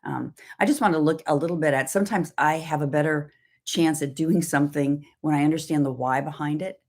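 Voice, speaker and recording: A middle-aged woman from Southern California co-hosts a livestreamed devotional talk, sharing personal stories reflectively. Her voice sits low with a darkish tone, and her pace is brisk.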